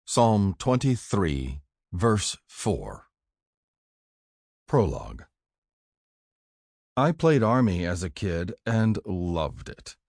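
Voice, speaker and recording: Older guy reading his memoir, real low voice that moves around a lot, dry close sound. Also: big pitch swings, a little mellow, no echo. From California, USA. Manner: measured, plain storytelling. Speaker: author narrating his memoir. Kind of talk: audiobook memoir narration.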